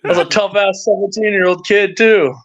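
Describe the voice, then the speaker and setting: A man's voice: sits high, normal speed. A young man telling rowdy stories in a casual, profane chat as a guest on a live stream. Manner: profane, animated storyteller. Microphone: live-stream mic. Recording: dull lo-fi stream audio.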